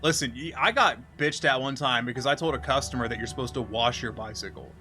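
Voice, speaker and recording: A man's voice: mid-range voice, fast talker, sharp tone, faint music behind. A man streaming and telling a story in a casual chat style, ranting with lots of profanity.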